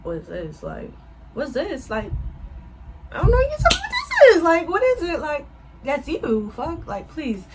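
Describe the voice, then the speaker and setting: A woman's voice: high-pitched, huge pitch swings, moderate pace, very noisy, voice pushed up. A woman voicing a nervous young man who chuckles and plays dumb when caught, mock-innocent.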